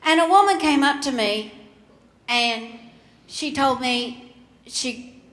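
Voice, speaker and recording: A woman performing a stand-up comedy set, folksy and self-mocking, jumping up high on her punchlines. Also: animated, slow, fairly bright tone. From Kentucky, US. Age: 50s. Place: comedy club stage before a live audience. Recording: roomy live venue with audience noise.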